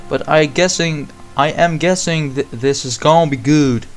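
A young man narrates a horror game in a middle-pitched voice, jumpy and quick to yelp or curse at every scare. Faint game music plays behind him. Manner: jumpy, yelps and swears at scares, then hushes. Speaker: let's play host. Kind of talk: horror game let's play commentary.

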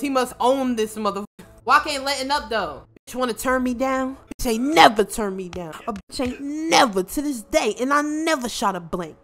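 A woman's voice: sits high, bright, forceful tone. A woman streamer giving casual, profane let's-play commentary, often laughing and talking for her character in the first person. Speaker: gaming streamer.

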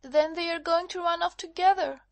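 A woman voices a frightened young wife, out of breath and pleading for help in an audiobook drama. Her voice sits high and bright, and the recording is close and dry with no room sound. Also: normal speed, dry recording. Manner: breathless, urgent.

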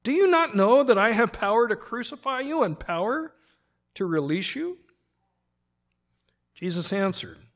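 A man's voice: high-pitched, a bit bright. A male pastor reading a long scripture passage aloud in a sermon, dramatizing the quoted lines. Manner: dramatic reading, raising his voice for quoted cries.

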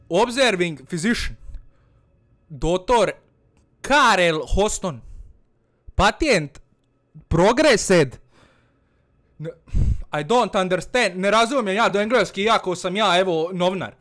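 A gaming channel host with a high voice delivers comedic let's-play commentary as a fearless, boastful Balkan village man. He is animated yet slow, pausing often, with a somewhat bright tone. His broken English is mixed with Bosnian, full of swearing and nervous muttering.

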